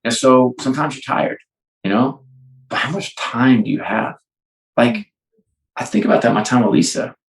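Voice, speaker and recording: A man guesting on a podcast, telling animated stories and acting out both sides of the dialogues. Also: medium pitch, normal speed, gravelly, long pauses, roomy sound, poor audio. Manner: energetic storyteller, acts out both sides of dialogues. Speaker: guest, sports and entertainment executive. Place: home.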